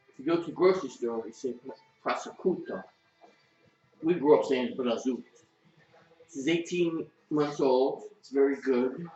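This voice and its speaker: A man from outside New City, hosting a casual home cooking show and talking in a blunt, profane, chatty way. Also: on the high side. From outside New York City. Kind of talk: casual cooking demo with political rant. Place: home kitchen, indoors. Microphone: webcam. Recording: echoey, distant, muffled, faint music.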